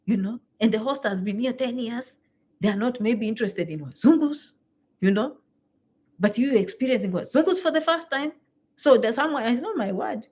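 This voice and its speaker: Woman, thirties, higher voice, lively storytelling, repeats phrases for emphasis, casual vlog. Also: breathy edge. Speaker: vlogger. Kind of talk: animated storytelling to camera.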